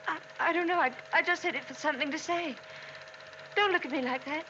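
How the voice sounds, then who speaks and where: A young woman acting a timid new wife who stammers and apologizes, her voice a little high. She hesitates over her words. The sound is dull with clear hiss, like an old 1940s film soundtrack. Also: fairly quick, lightly acted. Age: young adult.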